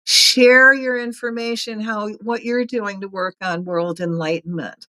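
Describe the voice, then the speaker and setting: A woman's voice: mid-range voice, steady tone, measured pace, pushed and bright, no echo, poor audio. A middle-aged woman hosting a casual spiritual talk, earnest, chatty and encouraging. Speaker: host.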